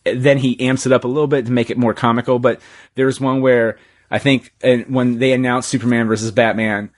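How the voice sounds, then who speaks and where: A man hosting a relaxed podcast conversation. He tells stories with energy and acts out the voices of the people he quotes. His voice sits at an ordinary middle pitch. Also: a little fast. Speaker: podcast host. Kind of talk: casual chat.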